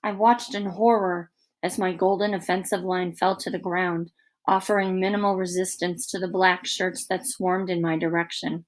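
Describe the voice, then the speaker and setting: A woman narrating a children's book aloud in an expressive, lively storytelling manner. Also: fairly low pitch, normal speed. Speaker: audiobook narrator.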